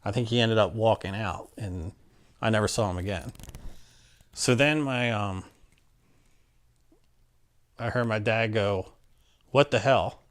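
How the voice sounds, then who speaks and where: A man's voice: lowish voice, measured pace, long pauses. A middle-aged man candidly recounting a personal story in an interview, acting out what people said. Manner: candid, plainspoken, acts out quotes.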